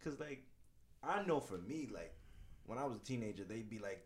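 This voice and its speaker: A man's voice: mid-range voice, normal speed. A young man of Haitian family telling stories in a casual podcast chat, loose and laughing. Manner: laughing, animated storytelling.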